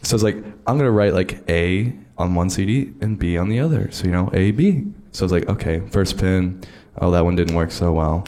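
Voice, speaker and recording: A man with a very low voice tells a long, funny story on a panel. He is casual and self-mocking, and he laughs at his own bad luck as he talks. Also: a little fast, hardly any pauses, darkish tone. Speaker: DJ on a convention panel.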